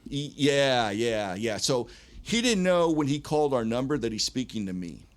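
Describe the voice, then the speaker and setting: A middle-aged man spins stories from his band days in a loose, casual way. His pitch swings widely as he talks, and he swears freely. He laughs often. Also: moderate pace. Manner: animated, profane, laughs often. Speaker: podcast guest, punk band frontman. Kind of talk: casual storytelling.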